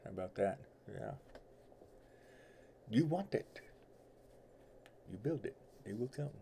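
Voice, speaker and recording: A middle-aged tarot reader streaming from home talks with viewers in a casual, rambling, folksy way, his accent a blend of New York and Southern US. His lowish voice is animated yet slow, creaky and dark, with a little hiss or hum.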